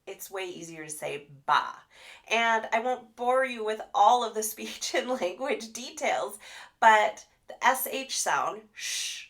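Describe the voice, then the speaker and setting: A woman speech therapist giving a live training talk, animated and expressive as she demonstrates sounds. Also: fairly high pitch, measured pace.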